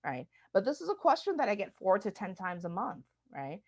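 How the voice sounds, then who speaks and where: A woman's voice: mid-range voice, sing-song, a little fast. A woman from the United States giving a conversational talk as a diversity speaker, often asking "right?". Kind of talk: recorded webinar talk. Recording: muffled lo-fi webinar audio.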